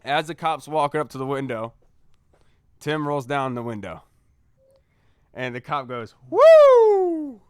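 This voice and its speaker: A young man, a podcast co-host, telling a story in a casual, animated way and acting out the voices he quotes. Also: medium pitch, unhurried, long pauses, smooth, no echo, studio quality.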